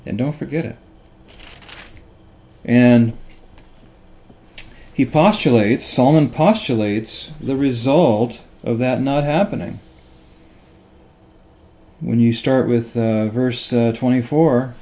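Man, middle-aged, Bible teacher, slow delivery, dark mellow voice, halting restarts. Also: medium pitch. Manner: halting, repeats words and restarts; emphatic rhetorical questions.

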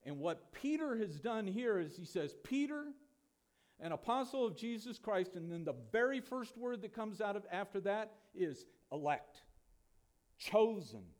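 A man's voice: sits high, big pitch swings, measured pace, darkish tone. A pastor preaching a sermon to his church, emphatic and full of rhetorical questions.

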